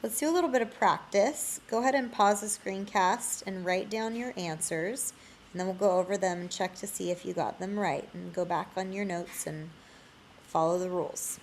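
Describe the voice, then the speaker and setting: A woman teaching a Spanish lesson in a screencast, explaining slowly. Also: mid-range voice, a little hiss or hum.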